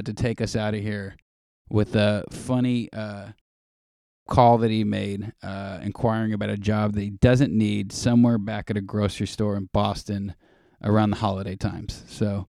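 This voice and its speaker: A chatty podcast host, a man with a fairly low voice, rambles loosely and swears freely. He pokes fun at himself as he goes. The sound is dry and close. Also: darkish tone, no echo. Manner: chatty, profane, self-deprecating. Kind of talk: casual rambling chat.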